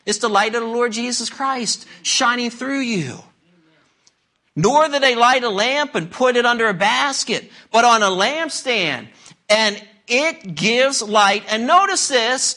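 A man's voice: extremely high pitch, bright, forceful tone. A man preaching a sermon, emphatic and questioning the congregation directly. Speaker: pastor.

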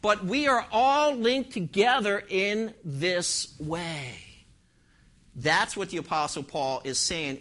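A man's voice: fairly high pitch, slow pace, pushed and bright. A man, a pastor, preaching an emphatic sermon in church and firing rhetorical questions at his congregation. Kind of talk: expository sermon.

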